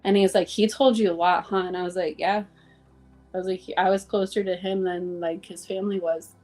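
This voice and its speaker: Her voice is fairly low, steady, and a little mellow, moving at a brisk clip over faint background music. As a guest in a casual chat, this woman tells heartfelt coworker stories, voicing the dialogue and peppering it with "like."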